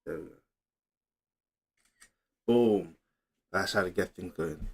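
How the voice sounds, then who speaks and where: A man's voice: sits low, slow pace, gravelly, breathy edge. A young man hosting a casual livestream, chatting loosely, reading comments aloud and fumbling with his setup. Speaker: livestream host.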